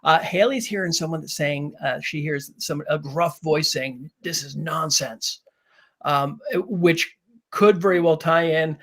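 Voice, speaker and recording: A man's voice: a little high, fairly bright tone. A man on a live ghost-hunt panel explaining the findings, often restarting his sentences. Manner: halting, many restarts and fillers, explanatory. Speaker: paranormal investigator on a panel.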